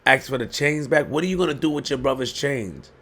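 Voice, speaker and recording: A man's voice: medium pitch, brisk, pushed and bright. A man delivering an emphatic opinion monologue, preaching and firing rhetorical questions. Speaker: commentary host.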